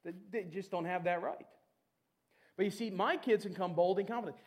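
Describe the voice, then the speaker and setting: A middle-aged man with a fairly high voice delivers a lively sermon. He talks animatedly to his congregation and sometimes slips into a mocking, whiny voice to act out prayers. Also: a little fast. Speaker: preacher.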